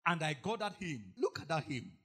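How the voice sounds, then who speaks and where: A man preaching an impassioned sermon, repeating phrases, shouting and breaking into song. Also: on the high side, big pitch swings, fairly quick, husky. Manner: impassioned, repetitive, bursts into shouting and snatches of song.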